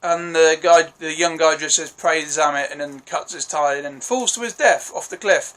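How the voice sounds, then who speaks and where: A young man talks through a TV episode in a casual solo vlog. His voice sits a little high and sounds bright and tense, and he rambles eagerly with frequent self-corrections and apologies. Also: moderate pace. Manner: enthusiastic, rambling, swears freely. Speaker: TV episode reviewer.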